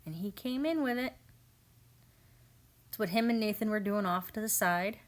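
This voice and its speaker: This homestead vlogger, a woman in her thirties, talks through her family's garden in a medium-pitched voice at a moderate speed. She keeps things chatty and amused, quoting relatives along the way.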